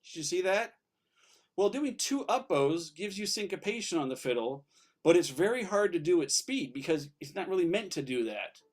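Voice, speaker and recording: A man's voice: sits high, big pitch swings, moderate pace, soft background music. A man teaching an online fiddle lesson, upbeat and encouraging, explaining bowing and counting the class in.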